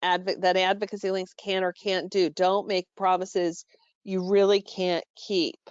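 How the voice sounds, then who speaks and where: A woman presenting a staff training call, instructive and steady, with frequent fillers and self-corrections. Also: on the low side, measured pace, smooth, no echo, highs cut off. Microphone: call microphone.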